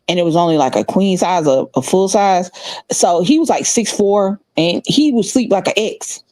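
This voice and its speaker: A middle-aged woman telling a story in casual chat, animated and laughing, acting out the other people's voices. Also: lowish voice, moderate pace, no echo. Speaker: podcast co-host.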